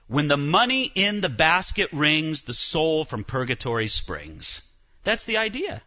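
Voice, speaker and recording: A man giving a church history lecture, telling it as an animated story with frequent restarts. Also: on the high side, unhurried, dull audio.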